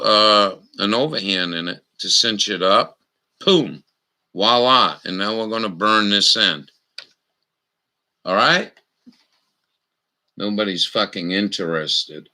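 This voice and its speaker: Guy on a livestream showing knots, slow and swears a lot, really bright sharp voice. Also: on the low side, low-quality recording. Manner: salty, crude humor with frequent swearing; slow, instructional, talking to chat viewers. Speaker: livestream host. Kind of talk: casual livestream chat, demonstrating knots.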